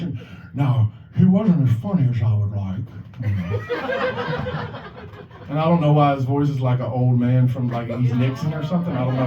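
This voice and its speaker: This open mic host has a mid-range voice with big swings in pitch and a moderate pace, cursing freely through a rambling set while doing impressions of the people he quotes. Crowd noise comes through the echoey, lo-fi recording, made from far off in a bar or club.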